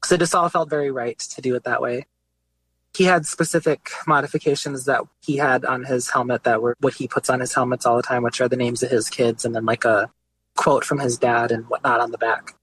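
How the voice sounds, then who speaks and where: A man being interviewed as an artist, telling his story in a relaxed, casual way with many filler words. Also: mid-range voice, fairly quick, husky, low-quality recording. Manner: relaxed, lots of "like" and "you know" fillers.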